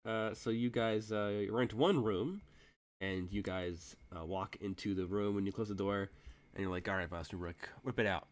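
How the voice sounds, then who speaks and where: Laughing, rambling game master, lowish voice. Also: male voice, a little slow, smooth. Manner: rambling, laughing often, many restarts. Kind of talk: narrating a tabletop game.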